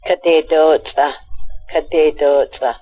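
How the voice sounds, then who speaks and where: A woman modeling words for a language lesson, saying each one twice slowly and carefully. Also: low-pitched, fairly even intonation, dark tone, slightly rough, soft background music. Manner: repeats each word twice, deliberate. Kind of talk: slow careful word repetition and sung rhyme.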